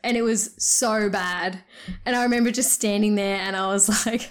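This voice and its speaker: A woman's voice: medium pitch, moderate pace. A woman chatting casually and recounting a dream, laughing often and acting out what people said. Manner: giggly, animated storyteller who acts out quotes. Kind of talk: casual chat, telling a dream.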